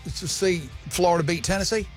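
A man's voice: high-pitched, fast talker, music in the background. A man hosting a talk radio show, joking casually with his co-hosts. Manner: jokey, does mocking impressions. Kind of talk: casual banter.

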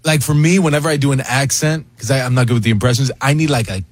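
A man's voice: mid-range voice, steady tone, fast, no room sound. A man co-hosting a casual chat, groping for his question with many fillers.

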